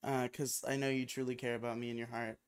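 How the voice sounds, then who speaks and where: A man's voice: mid-range voice, flat delivery, fast talker, clear, resonant tone. A young man hosting a casual game stream, laid-back and teasing as he chats with friends on a call. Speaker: streamer, host. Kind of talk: casual gaming stream chat.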